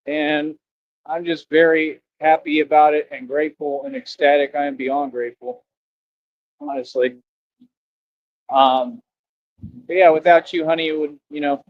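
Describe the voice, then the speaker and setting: A man with a voice on the high side livestreams outdoors near traffic, rambling, preachy and repetitive as he asks viewers for donations in casual stream talk. The recording is dry, with dull lo-fi stream audio.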